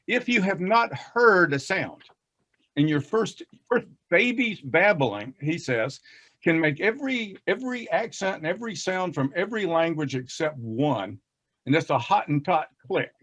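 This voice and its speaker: A man with a Southern American accent rambles through a casual talk, folksy and self-deprecating, with frequent laughs. His voice sits a bit higher than most men's. He sounds like he is speaking over a video call. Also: a bit bright, highs cut off.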